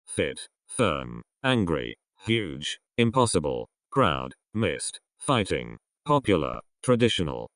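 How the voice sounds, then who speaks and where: Deep, slow male word-list reader. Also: very animated, a bit bright, no echo, clean studio sound. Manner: slow, one word at a time with pauses. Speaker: vocabulary reader. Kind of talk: reading a word list aloud.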